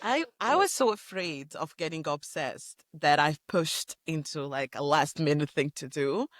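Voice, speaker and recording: A woman co-hosting a podcast, agreeable and a little halting, often laughing along as she talks about a TV show. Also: low-pitched, expressive, no echo, clean studio sound. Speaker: podcast co-host. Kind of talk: casual chat recapping a TV show.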